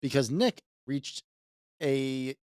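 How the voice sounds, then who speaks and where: A man's voice: medium pitch, slow pace, darkish tone, clean tone, no echo, clean studio sound. A man co-hosting a casual podcast chat, teasing his friends and laughing along. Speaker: co-host.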